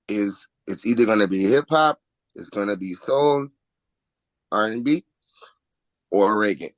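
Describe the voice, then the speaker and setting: A man's voice: medium pitch, fairly bright tone, dry recording, rough recording. A man from Washington, D.C. with a local accent, talking casually and upbeat about his music in an interview. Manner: upbeat, self-promoting, chuckles often. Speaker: recording artist, interview guest.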